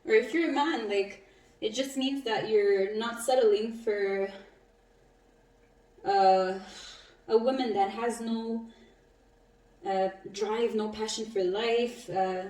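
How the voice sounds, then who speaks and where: A woman giving a casual spiritual tarot reading, chatty and quick to laugh, with some casual swearing. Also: a little high, a little mellow. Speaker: tarot reader. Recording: roomy echo, mic at a distance.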